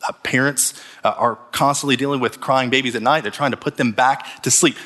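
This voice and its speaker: A man preaching a sermon, going from hushed, slow lines to raised, urgent ones. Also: mid-range voice, steady tone. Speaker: pastor. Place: church hall. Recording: long reverb of a large hall.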